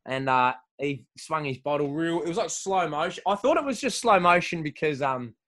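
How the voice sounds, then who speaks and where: An Australian man with a slightly higher voice spins crude, rambling stories and laughs his way through them. He swears constantly, talks loosely in casual podcast banter, and sounds like a comedian trading tales with a mate. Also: animated, moderate pace, a bit bright. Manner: profane, rambling, laughing storyteller.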